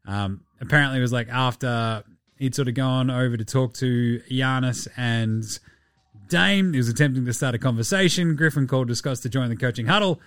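A man with an Australian accent hosting a casual solo sports podcast, loose, sweary and quick to laugh. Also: mid-range voice, no room sound. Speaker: podcast host.

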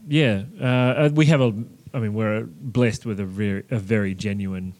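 A man's voice: on the low side, moderate pace, a little mellow. A man with a New Zealand accent, a bartender chatting casually on a podcast and sharing opinions with frequent fillers. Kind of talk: casual chat.

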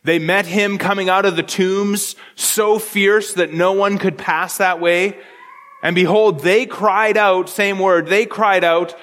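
A man's voice: high voice, fairly even intonation, slow pace, fairly bright tone, long reverb tail. A man preaching a sermon as pastor, talking in an earnest, conversational way with frequent restarts.

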